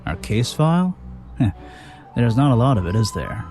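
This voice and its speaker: An actor playing a gruff, skeptical male detective in a video game, talking with a sarcastic edge. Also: mid-range voice, very animated, moderate pace, over music, lightly acted.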